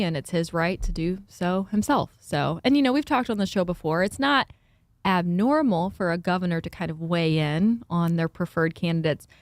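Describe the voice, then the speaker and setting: A woman's voice: fairly low pitch, no room sound. A woman reporter appearing as a radio guest, explaining the news in a chatty, easygoing way from a studio. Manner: chatty, explanatory, with light laughs. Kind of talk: conversational news analysis. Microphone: close studio microphone.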